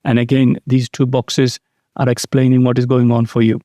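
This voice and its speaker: A man teaching Arabic grammar in a recorded online lesson, explaining slowly and repeating key terms. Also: mid-range voice, completely flat delivery, dark tone, dry recording, studio quality.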